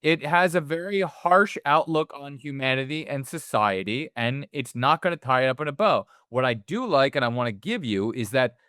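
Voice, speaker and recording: A man's voice: mid-range voice, expressive, normal speed, few pauses, fairly bright tone, smooth, no room sound, clean studio sound. A man co-hosting a movie podcast, talking casually and animatedly, swearing often and acting out characters' lines. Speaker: podcast co-host.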